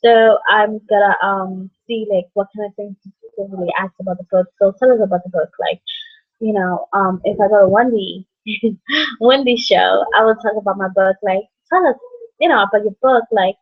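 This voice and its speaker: Rambling young woman, lo-fi audio. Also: medium pitch. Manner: halting, many fillers and restarts. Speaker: vlogger. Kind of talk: rambling personal vlog. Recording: dull lo-fi audio.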